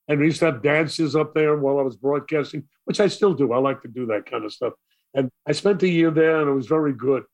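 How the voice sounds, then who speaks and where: An older man, a radio DJ telling stories in an interview and acting out the voices of the people in them. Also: a little high. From Brooklyn, New York. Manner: lively storyteller acting out quoted voices. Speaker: radio DJ guest. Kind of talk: storytelling interview.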